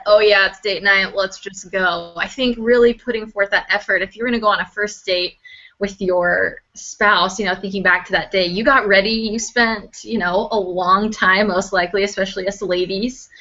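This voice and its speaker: A woman's voice: mid-range voice, bright, forceful tone. A woman guest in a casual chat, speaking earnestly with many fillers. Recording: dull lo-fi sound.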